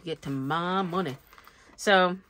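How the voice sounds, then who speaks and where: A woman's voice: fairly low pitch, takes it slowly, a bit bright, a little hiss or hum. A woman vlogger chatting casually and thinking aloud as she sets up a planner, joking about herself as she goes. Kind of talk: rambling casual chat while crafting.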